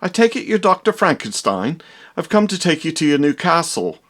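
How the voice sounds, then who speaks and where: A man voicing a cheeky, bug-eyed hunchbacked servant in a low, gruff wisecracking voice. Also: very animated, moderate pace, fairly bright tone.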